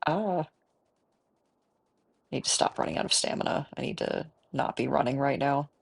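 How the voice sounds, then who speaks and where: Gravelly woman, has a cold, casual rambling gameplay chat, self-mocking. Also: a bass voice, moderate pace. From American Midwest. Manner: chatty, rambling, self-mocking, talks to game animals. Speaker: gaming streamer.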